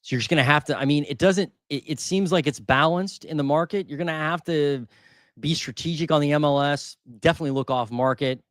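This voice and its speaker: A man's voice: fairly high pitch, brisk, a bit bright, dry recording, studio quality. A man hosting a housing market channel, talking casually as he reads through market figures, thinking aloud and repeating numbers. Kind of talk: casual live commentary on market data.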